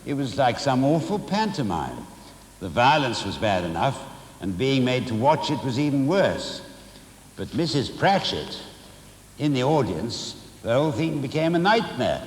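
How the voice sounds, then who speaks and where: A man reading a memoir aloud with expressive, dramatic storytelling and occasional asides. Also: mid-range voice, measured pace. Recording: roomy hall reverb.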